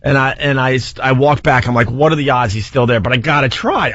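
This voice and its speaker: A man in his forties hosting a radio show, telling a self-mocking story in a lively, casual way from a studio mic. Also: mid-range voice, brisk, no echo. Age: 40s. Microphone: studio microphone. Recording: slightly dull, dry radio broadcast audio.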